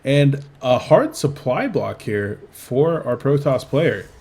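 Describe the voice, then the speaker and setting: A man's voice: mid-range voice, sing-song, slow pace, darkish tone, slightly rough. A young man casting a video game match with a co-host, chatty and joking, rambling off topic. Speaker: game commentator. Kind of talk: casual esports commentary.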